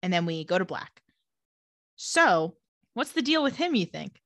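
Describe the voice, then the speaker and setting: A woman's voice: fairly low pitch, sing-song, measured pace, a bit bright, no echo. A woman casually recapping and discussing a TV episode, retelling scenes and quoting characters. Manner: narrates scenes and quotes characters in a conversational tone. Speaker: podcast co-host recapping a TV show. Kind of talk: casual chat.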